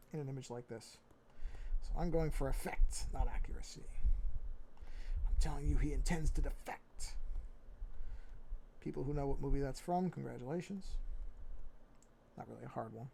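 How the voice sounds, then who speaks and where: Gravelly dark-voiced man mumbling while drawing. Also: slight background noise. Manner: thinks aloud, low-key and mumbly with frequent restarts. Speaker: artist streaming his drawing. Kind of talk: casual running commentary while drawing. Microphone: fixed mic while he looks down at a tablet.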